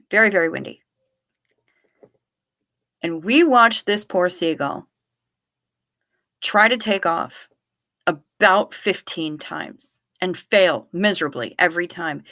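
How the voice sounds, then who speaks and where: A woman's voice: medium pitch, bright, forceful tone, no room sound, studio quality. A woman hosting a livestream, telling rambling stories with wry asides and answering her chat casually. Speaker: livestream host.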